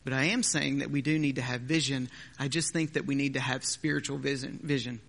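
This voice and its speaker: A man's voice: mid-range voice, steady tone, fairly quick, creaky, a bit bright. A man preaching a sermon as pastor, in a conversational way with joking asides. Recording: long hall reverb.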